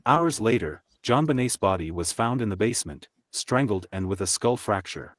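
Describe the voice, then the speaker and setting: A lower-voiced man reads a true crime account in a steady, measured voice. The sound is dry and close. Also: no echo. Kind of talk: read-out true crime narration.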